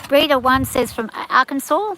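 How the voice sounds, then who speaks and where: Outdoors on a live stream, a woman with a rural Australian accent chats casually, reading viewer comments aloud and answering them. Her high, animated voice has a sharp tone and a moderate pace. The audio is poor, with a little hiss or hum.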